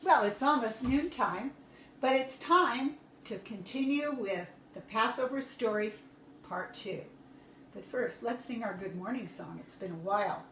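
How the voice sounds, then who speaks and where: High-voiced woman teacher telling a story. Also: animated, reverberant, a little hiss or hum. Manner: slow, gentle, explains to children. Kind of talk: storytelling for young children.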